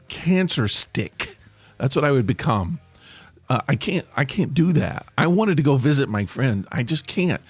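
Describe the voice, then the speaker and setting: Lively self-mocking man in his sixties. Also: mid-range voice, no echo. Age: 60s. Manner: self-mocking, jokey, meandering. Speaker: podcast host. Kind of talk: casual rambling monologue.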